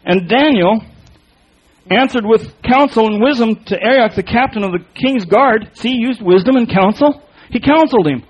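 A man preaching a sermon, explaining a Bible passage in an emphatic, folksy way with repeated words and quick restarts. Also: very high voice, slightly rough, dull audio.

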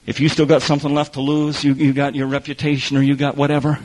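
A man preaching a sermon, swinging between loud emphasis and hushed asides. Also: a little high, monotone, fast, low-quality recording.

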